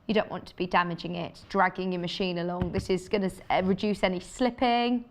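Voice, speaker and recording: A woman presenting a live home shopping show, chatty and enthusiastic, chatting with off-camera crew between sales pitches. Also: fairly even intonation, a little fast. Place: TV studio.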